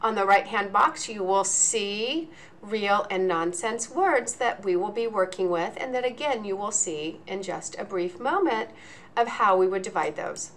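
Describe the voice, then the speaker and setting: A woman's voice: medium pitch, lively intonation, unhurried, fairly bright tone, slight background noise. A woman teacher patiently walking through how to split words, step by step. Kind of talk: instructional walkthrough.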